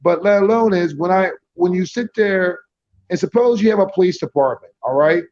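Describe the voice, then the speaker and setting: A man's voice: high voice, moderate pace, a little mellow, no room sound. Stammering man arguing his point. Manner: repetitive, calls others bro, stammers into points. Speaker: debater defending his view. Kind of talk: heated casual debate. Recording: dull lo-fi stream audio.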